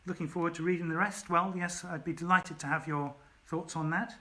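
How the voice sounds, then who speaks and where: Speaking a little fast in a flat, pushed, bright voice on the high side, a male author reads his story aloud during a lockdown livestream from home. Afterward he chats with viewers, filling his speech with ums and naming individual viewers to thank them.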